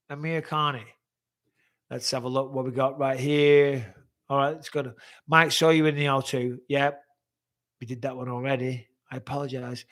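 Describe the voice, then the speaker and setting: Reading questions from his viewers aloud, a middle-aged man running a live stream answers them bluntly and swears a lot. He has a medium-pitched, slightly bright voice with fairly even intonation and a moderate pace.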